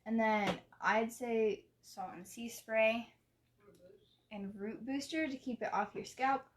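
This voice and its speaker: A woman's voice: on the high side, steady tone, takes it slowly, a little hiss or hum. A young woman giving a casual live hair-styling tutorial, talking through each step in a chatty way with lots of likes and restarts. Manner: chatty, explains steps with many likes and restarts. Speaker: hair stylist demonstrating on a model.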